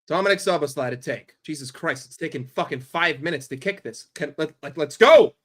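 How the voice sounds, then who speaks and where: Talking briskly, a New Yorker provides sarcastic, expletive-filled football commentary on his watchalong stream. His somewhat high voice has a very bright, forceful edge, and his excitable manner swings from low grumbling to bursts of loud yelling.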